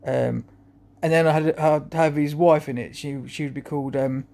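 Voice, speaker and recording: A man's voice: a little high, fairly even intonation, normal speed, vocal fry, mellow. A man talking to camera in a rambling, chuckling monologue full of restarts. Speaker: vlogger.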